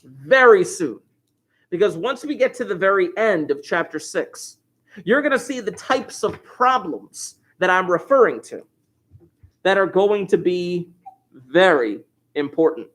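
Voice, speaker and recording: A man's voice: high-pitched, lively intonation, measured pace, fairly bright tone. A man teaching an algebra class over a livestream from his classroom desk, joking and teasing his students and chuckling often. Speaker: high school algebra teacher.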